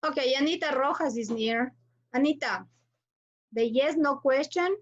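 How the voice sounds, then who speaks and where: Speaking at a normal pace in a high voice, an Ecuadorian woman whose first language is Spanish teaches English to an online class. She patiently calls on students, repeating their names and cues. The sound is dull and lo-fi, from a computer mic on a video call.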